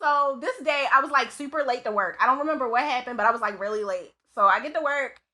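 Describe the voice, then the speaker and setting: A woman with a high, bright voice tells work stories in a loose, chatty way. She is an autopsy technician speaking as a podcast guest. She is animated and scatters "like" through her sentences. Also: quick pace. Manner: animated, lots of "like" fillers, laughs often. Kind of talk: casual storytelling.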